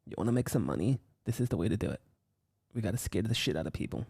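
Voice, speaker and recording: A smug, self-important businessman murmurs down at his crew, his voice dropped low and quiet with a gravelly edge, as a man puts him on. He lectures patronizingly and refers to himself in the third person. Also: expressive, quick pace, no echo, studio quality, full character voice. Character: smooth self-important male businessman, middle-aged.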